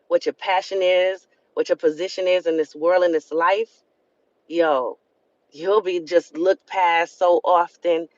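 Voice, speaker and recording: A woman's voice: fairly low pitch, no echo. A woman with a Southern US accent, hosting a live stream and giving an earnest, preachy motivational talk that repeats phrases for emphasis. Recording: dull lo-fi sound.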